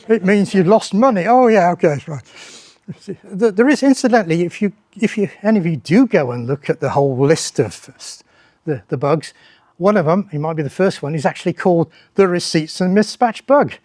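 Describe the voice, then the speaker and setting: A man's voice: on the high side, a little mellow, no room sound. An older man, a former lecturer, giving a conference talk with wry, dry humour, rhetorical questions and frequent restarts of his phrases. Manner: stop-start, restarts phrases often. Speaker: speaker at a tech meetup, former lecturer.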